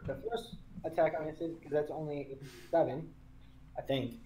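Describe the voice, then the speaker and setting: A man taking his turn at a tabletop game, talking in a rushed way while thinking aloud. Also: a little high, steady tone, warm tone, slight background noise, low-quality recording. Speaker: player. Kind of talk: casual game table chat.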